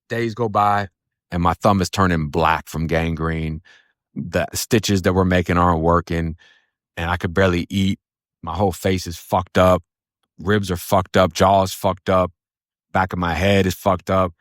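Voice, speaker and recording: A man's voice: deep voice, fairly even intonation, a little slow, no room sound, studio quality. A man telling his own story in a casual, blunt, profane way of talking, slipping into acted voices when he quotes others. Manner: blunt, profane street talk. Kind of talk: casual first-person storytelling.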